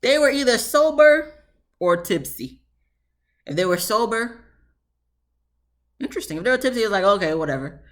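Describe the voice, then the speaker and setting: Chatty animated woman reviewer. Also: a little high, moderate pace, long pauses. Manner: chatty, animated, lots of "you know" fillers. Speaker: TV show reviewer. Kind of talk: casual review commentary.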